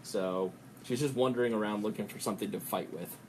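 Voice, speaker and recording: A man hosting a podcast, talking in a rambling, profane way and breaking into quick impressions. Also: on the low side, slight background noise. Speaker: podcast host. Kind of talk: casual podcast chat.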